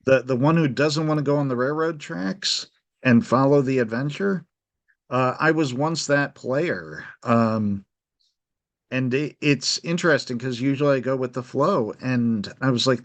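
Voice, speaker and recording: A man with a middle-pitched voice joins a casual conversation as co-host. His speech is halting, with repeated words before he finds his point. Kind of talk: casual chat.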